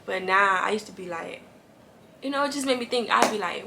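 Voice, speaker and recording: A woman's voice: mid-range voice, brisk, gravelly, very noisy. A woman giving an earnest, casual devotional talk to camera, encouraging viewers and repeating lines for emphasis. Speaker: Christian faith vlogger.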